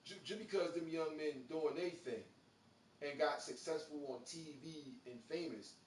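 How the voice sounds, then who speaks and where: A man's voice: fairly high pitch, unhurried. A man, hosting a live radio show and telling a street story in loose slang, acting out the voices of the people in it. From Philadelphia. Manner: animated, acts out quoted voices, streetwise slang. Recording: roomy, distant mic with faint noise.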